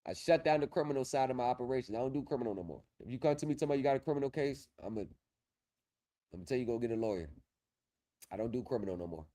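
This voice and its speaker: A man of ordinary pitch talks casually on a livestream. He sounds confident, circles back over his points, and trails off while he looks for things on screen. It is picked up by a streaming setup mic. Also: expressive, racing, mellow. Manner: confident, repetitive, drifts off while working the screen. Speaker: livestream host on pro se legal help.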